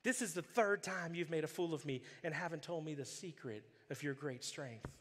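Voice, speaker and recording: A man voicing a cheesy, seductive Southern belle woman in a put-on Southern US accent, soft and coaxing. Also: a little high, moderate pace, big-room sound.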